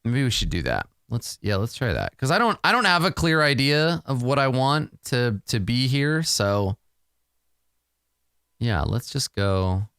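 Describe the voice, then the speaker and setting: A man's voice: medium pitch, very animated, measured pace, a bit bright, smooth, dry recording, studio quality. A man thinking aloud as he plays a solo tabletop roleplaying game, rambling and swearing freely as the dice go against him.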